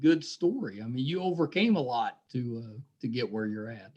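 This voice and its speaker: A man's voice: mid-range voice, normal speed, darkish tone, husky, lo-fi sound. A man hosting a podcast interview, giving short encouraging reactions and laughing often. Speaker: podcast host. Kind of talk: casual interview.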